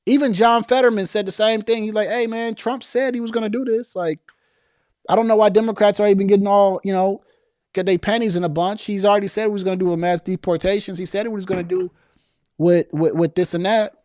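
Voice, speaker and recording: A man riffs through casual political commentary, reading viewer comments aloud and answering them. His voice sits a little high for a man, and he talks loosely with slang, repeating words and restarting sentences. The sound is close and dry. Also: fairly even intonation, quick pace, a little mellow, no room sound.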